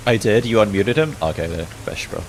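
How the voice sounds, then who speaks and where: A man's voice: fairly low pitch, expressive, a little fast, a little hiss or hum. A man streaming a game, reading its dialogue aloud in changing voices and joking with his viewers, laughing often. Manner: playful, laughs often, reads characters' lines in shifting voices.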